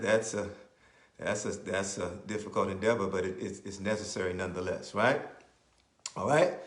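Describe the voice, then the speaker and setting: A man delivers a sermon with a somewhat low voice that rings in a roomy, echoing space. He repeats his phrases for emphasis, checks in with his listeners, and slows down to explain scripture. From Maryland, US. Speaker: bishop and radio preacher. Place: church. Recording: roomy echo.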